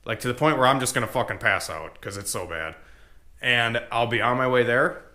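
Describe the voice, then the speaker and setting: A man's voice: mid-range voice, expressive, brisk, pushed and bright. A man vlogging in a casual, rambling monologue, speaking candidly and swearing heavily between lots of fillers.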